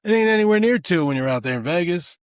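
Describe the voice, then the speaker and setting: A man's voice: sits high, expressive, fast, smooth, no echo, clean studio sound. A man co-hosting a podcast in casual chat, with a loose, "you know"-filled way of talking. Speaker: podcast co-host.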